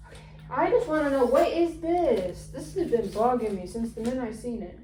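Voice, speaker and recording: A young woman vlogger talks to the camera in a room at home while assembling something, her voice fairly high, lively in intonation, a little fast and dark in tone. She is blunt and chatty, swears freely, mutters to herself and sounds a bit out of breath. The mic sits at a distance in an echoey room.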